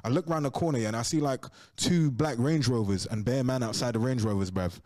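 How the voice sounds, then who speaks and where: Fast-talking brash London man. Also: mid-range voice, dark tone. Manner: brash, profane storytelling. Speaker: guest. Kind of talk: casual podcast chat.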